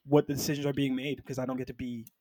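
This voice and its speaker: A man co-hosting a podcast, casually talking through a film and slipping into quick impressions of its characters. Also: mid-range voice, flat delivery, warm tone, no room sound. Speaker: podcast co-host.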